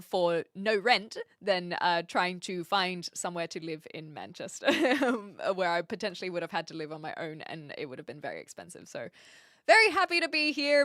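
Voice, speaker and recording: A woman's voice: medium pitch, a bit bright, no echo, clean studio sound. A woman with a light New Zealand accent, chatting casually with her live chat from her home streaming room into a stand mic, giggly and self-mocking. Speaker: Twitch streamer.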